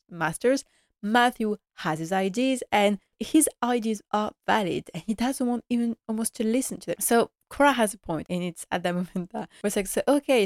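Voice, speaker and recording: A woman's voice: medium pitch, a little mellow, no echo, studio quality. A woman recapping a TV episode in a casual vlog, enthusiastic and chatty, laughing often and acting out the characters' lines. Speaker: TV episode reviewer.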